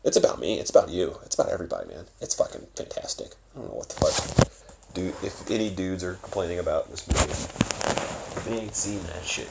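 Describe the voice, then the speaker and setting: A young adult man with a Southern US accent, hosting his own podcast in a casual, profane, rambling monologue with bursts of loud emphasis. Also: low voice, creaky, noisy background. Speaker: podcast host.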